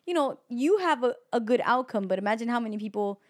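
A woman's voice: a little high, animated, fast talker, no echo, clean studio sound. A woman co-hosting a podcast who reacts to a story, jumps in with comments and asks follow-up questions. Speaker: podcast co-host. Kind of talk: casual chat.

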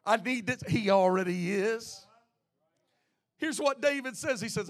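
A man preaching a sermon as pastor, swinging between loud exclamations and hushed asides, and reading scripture aloud. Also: high voice, lively intonation, measured pace.

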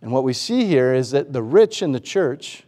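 A man's voice: mid-range voice, big pitch swings, normal speed, warm tone, long reverb tail. A man preaching a sermon, asking the congregation rhetorical questions and acting out the voices he quotes. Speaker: pastor.

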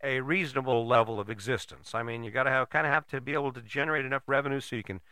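A man's voice: mid-range voice, fairly even intonation, rapid-fire, pushed and bright, smooth, no room sound. An older man giving a casual motivational talk, folksy and blunt, often checking in with "right?".

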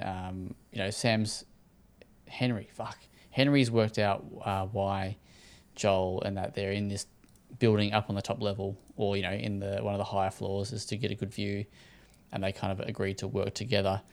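A laid-back Australian man chats through a TV episode recap on a podcast. His voice sits on the low side, and he rambles along with plenty of swearing and loose asides. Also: little pitch movement, moderate pace, smooth. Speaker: podcast co-host. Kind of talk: casual chat.

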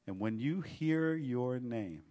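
A man's voice: mid-range voice, lively intonation, slow pace, warm tone. A male pastor preaching a sermon with a rhythmic, fervent litany and call-and-response.

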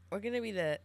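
A woman's voice: medium pitch, a little mellow. A young woman from Idaho chatting casually on a podcast, laid-back and joking with some swearing. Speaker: podcast co-host. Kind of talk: casual chat.

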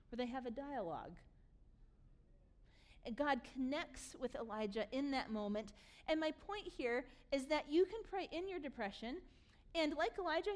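Woman pastor, high voice, animated preaching, acts out scenes. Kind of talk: sermon.

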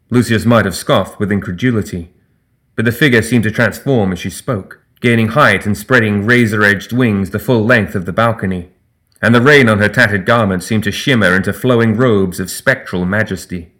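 Low-voiced man narrating a fantasy audiobook. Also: moderate pace, a bit bright.

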